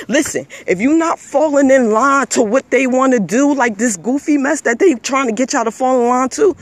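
High-voiced man in a fired-up rant. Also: moderate pace, hardly any pauses. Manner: emphatic, repetitive, scolding; swears when emotional. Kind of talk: heated monologue rant.

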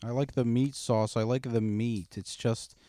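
A man's voice: medium pitch, fairly even intonation, a little slow, mellow, no room sound, clean studio sound. A man in casual chat, swearing freely and teasing his friend in an argumentative, ribbing way.

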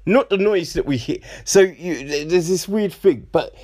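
A man's voice: sits high, expressive, moderate pace, a little mellow. A man casually talking through a film, chatty and often tagging his points with "right?". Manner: chatty, keeps asking "right?", slips into mocking voices. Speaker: film reviewer.

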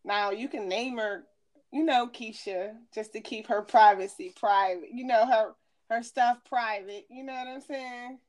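A woman's voice: fairly high pitch, a little slow. A woman co-hosting a podcast in casual chat, coaxing a guest and laughing often. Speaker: podcast co-host.

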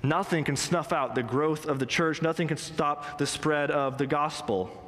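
A man preaching a sermon to a congregation, earnest and emphatic, slowing down to stress quoted lines. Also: fairly high pitch, a bit bright. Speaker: pastor. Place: church sanctuary. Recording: long hall reverb.

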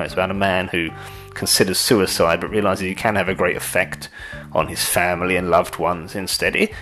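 A man's voice: lowish voice, a bit bright. A man ranting in a casual monologue, sweary and exasperated, rambling with restarts.

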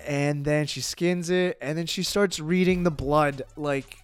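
A man, a podcast guest, telling a personal story in casual talk, animated, with lots of fillers and swearing. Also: fairly high pitch, a little slow, smooth, soft background music.

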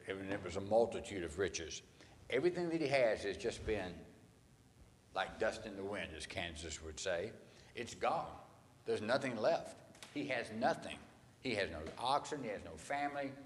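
Animated preacher in a reverberant hall. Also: male voice, lowish voice. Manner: animated storytelling, acting out voices in quotes. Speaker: pastor. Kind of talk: sermon.

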